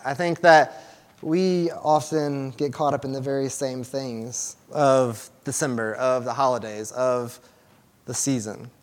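Young guy preaching casual to a small church group, kinda high voice, lots of "like" and restarts. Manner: conversational, many restarts and fillers, talks to the room. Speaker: church teacher.

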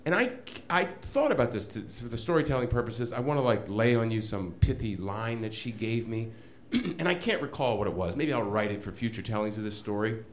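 A man telling a comedic story to a live audience, animated and self-mocking, laughing often as he goes. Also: fairly low pitch, brisk, a little hiss or hum.

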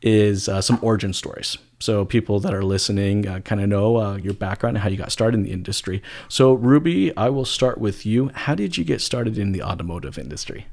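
A man's voice: on the low side, lively intonation, brisk, vocal fry, hardly any pauses, a little mellow. A man hosting a podcast in casual chat, upbeat and joking, with many fillers. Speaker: podcast host.

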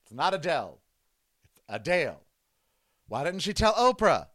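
A man's voice: high voice, sing-song, brisk, fairly bright tone, no room sound. A man hosting a comedic rant monologue, sarcastic and mocking as he riffs at length. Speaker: host.

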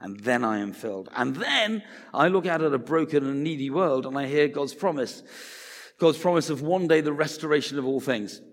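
A man's voice: on the high side, expressive, moderate pace. Man preaching in a reverberant hall. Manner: conversational, acts out quoted voices. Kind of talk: sermon.

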